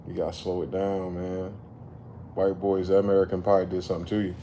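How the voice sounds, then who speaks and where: A man ranting in a late-night commentary vlog, animated and profane, repeatedly telling listeners to slow down. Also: low-pitched, a little hiss or hum. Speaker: commentary vlogger. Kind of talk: late-night rant to camera.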